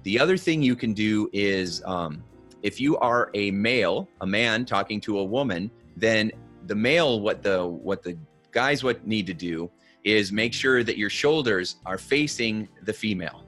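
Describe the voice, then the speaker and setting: A man with a lowish voice explains things at an easy podcast pace. He coaches the listener step by step and keeps checking in with a quick "okay?" or "right?". Soft music sits faintly behind him. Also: expressive. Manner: coaching, instructive, asks "okay?" and "right?" often. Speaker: guest expert on body language. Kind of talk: conversational podcast advice.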